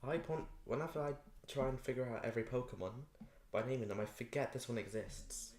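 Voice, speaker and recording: A man rambles through a casual live stream, chatting loosely and making fun of himself as he draws. His voice sits at an ordinary pitch and bounces around a small, echoey room. A faint hiss runs underneath. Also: a little fast, darkish tone. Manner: rambling, self-mocking, repeats words playfully.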